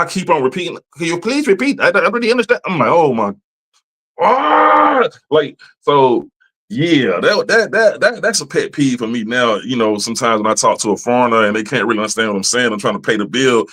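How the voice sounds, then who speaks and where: A man's voice: mid-range voice, fast, fairly bright tone, rough recording. A man hosting a podcast, talking in a loose, profane, rambling way and sometimes mimicking other people's voices. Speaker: podcast host. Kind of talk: casual monologue.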